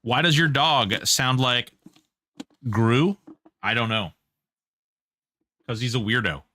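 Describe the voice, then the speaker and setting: Bright-voiced joking game streamer, a man. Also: mid-range voice, expressive, takes it slowly. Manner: joking, hyped up for giveaways. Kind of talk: live-stream gameplay commentary.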